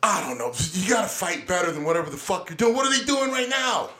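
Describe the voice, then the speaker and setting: Man, ranting podcast co-host, profane, stammering restarts, bright forceful tone, slightly high voice. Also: big pitch swings, fast. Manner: profane, ranting, repeats words. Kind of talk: heated political chat.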